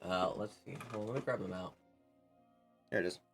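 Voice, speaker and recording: A man's voice: sits low, brisk, vocal fry, a bit bright, soft background music. A young man streaming a game, chatting casually in a rambling, self-correcting way. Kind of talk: casual chat while gaming.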